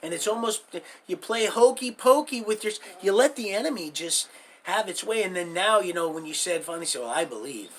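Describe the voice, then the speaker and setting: A man's voice: high voice, animated, a little fast, a bit bright, slight background noise. A middle-aged man hosting a livestream, telling his life story in a rambling, folksy way and drifting into preaching at his viewers. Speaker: livestream host.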